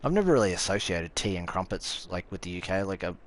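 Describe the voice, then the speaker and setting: A young Australian man with a fairly low voice talks casually through a live game stream. He is offhand and sweary, and he answers viewers' comments as they roll in. A faint hum of room noise sits under his voice. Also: big pitch swings, fast talker. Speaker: gaming streamer.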